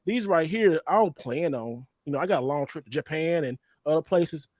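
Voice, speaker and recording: A man hosting a podcast with a Texan accent, telling animated, slangy stories in casual chat and laughing often. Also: fairly high pitch, normal speed, no echo, studio quality. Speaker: podcast host.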